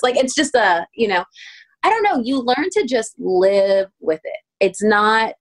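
A woman in her thirties, a pastry chef guest telling stories in a casual interview, acting out quoted voices with sudden pitch jumps. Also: measured pace. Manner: animated, acts out quotes with lively pitch jumps. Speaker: guest, pastry chef turned ice cream maker.

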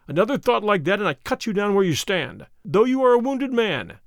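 A man's voice: high voice, very animated, brisk, no echo, clean studio sound, pitched above the performer's own voice. A man voicing a bold, proud masked male outlaw in an audiobook reading, commanding and scornful. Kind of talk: audiobook character voice.

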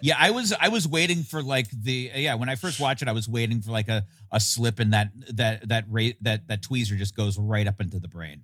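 A man's voice: mid-range voice, brisk, hardly any pauses, a bit bright, no echo, clean studio sound. A man co-hosting a casual movie recap podcast, chatty and laughing, restarting his sentences as he goes. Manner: chatty, laughing, repeats words when starting a thought. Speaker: podcast co-host.

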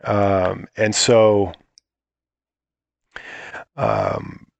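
A man's voice: lowish voice, big pitch swings, extremely slow, creaky, no room sound, muffled recording. A man telling a rambling, profane story in a casual chat, acting out what others said. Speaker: guest.

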